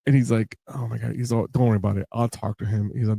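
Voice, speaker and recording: A man's voice: lowish voice, flat delivery, very fast, vocal fry, hardly any pauses, dark tone, husky, no echo. A man hosting a podcast, telling a long story with many fillers and acting out what others said. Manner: rambling, many fillers, laughs and acts out quotes. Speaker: podcast host. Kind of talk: casual storytelling interview.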